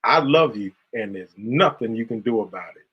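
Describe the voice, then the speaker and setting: A man's voice: on the low side, lively intonation, normal speed, husky, muffled recording. A man hosting a faith talk show, speaking in a preacherly, affectionate, exhorting way. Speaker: host. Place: Carolina.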